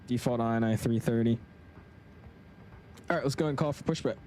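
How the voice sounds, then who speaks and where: A young man casually commentating his flight simulator live stream, chatting with viewers in a relaxed, slangy way. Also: medium pitch, brisk, slight background noise. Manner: laid-back, chatty, slangy, reads chat aloud.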